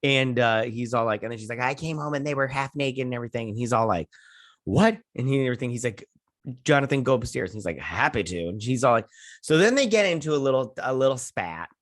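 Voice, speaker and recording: A man hosting a casual episode recap, rambling along and acting out characters' lines in quick quoted bits, swearing now and then. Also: mid-range voice, expressive, dry recording, studio quality. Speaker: host.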